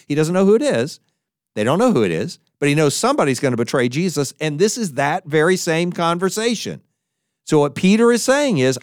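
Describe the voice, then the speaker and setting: A man preaches a sermon in a lively, animated way, stepping into voices as he quotes the people in his story. His voice sits fairly high and swings widely in pitch. The sound is dry and close, with no room echo. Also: a little fast.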